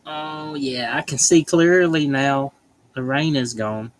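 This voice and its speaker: A man's voice: medium pitch, slow pace, low-quality recording. A man hosting a casual livestream, reading viewer comments aloud in a chatty, joking way. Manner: chatty, joking, laughs often. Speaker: livestream host.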